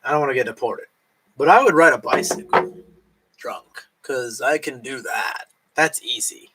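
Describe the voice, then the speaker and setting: A drunk man chats loosely on a late-night live stream, his voice bright and forward. He rambles from one thought to the next, swearing often and chewing food as he talks. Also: medium pitch, moderate pace, husky, poor audio.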